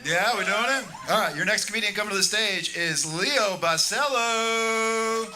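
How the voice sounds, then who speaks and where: A man hosting a live comedy show, loudly calling comics to the stage from a club. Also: sits high, normal speed. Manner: loud, chatty emcee calling out names. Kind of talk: hyping the crowd between sets. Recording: live club with audible room noise.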